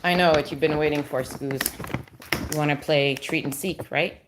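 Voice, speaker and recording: A woman's voice: sits low, steady tone, normal speed, background noise. A woman chatting on a casual live stream, explaining dog breeds to viewers and cooing at her dog between remarks.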